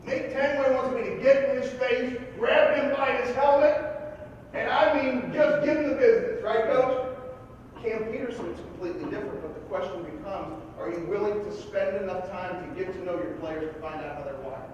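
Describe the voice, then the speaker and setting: Heard from far away in a big, echoing hall, a high-voiced football coach delivers a motivational speech full of stories, breaking into loud shouts now and then. His pace is moderate, the high frequencies are cut off, and there's a little hiss or hum.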